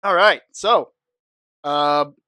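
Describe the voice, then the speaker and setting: A man's voice: a little high, drawn-out words, pushed and bright, no room sound. A man co-hosting a podcast, chatting and teasing casually, swearing now and then. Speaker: podcast co-host. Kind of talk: casual chat.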